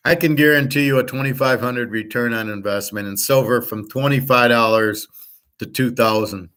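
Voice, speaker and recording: A man's voice: medium pitch, moderate pace, a bit bright. A man who handicaps sports bets, talking in a blunt, profane, rambling monologue.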